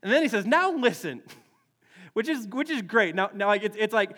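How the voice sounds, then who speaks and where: High-voiced man preaching a sermon. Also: normal speed. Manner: animated, acts out scenes with voices; frequent restarts and repeated words. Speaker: pastor.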